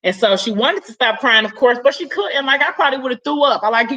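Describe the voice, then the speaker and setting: Woman vlogger, bright forceful voice, slangy animated story recap. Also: high voice, fast, dull audio. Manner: animated, chatty, slangy retelling with many "like"s.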